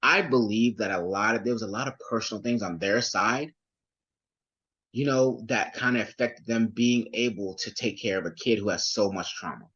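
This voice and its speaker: A man's voice: fairly low pitch, normal speed, a bit bright, breathy edge, muffled recording. A young man as an interview guest, telling his story casually with many fillers and restarts. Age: young adult.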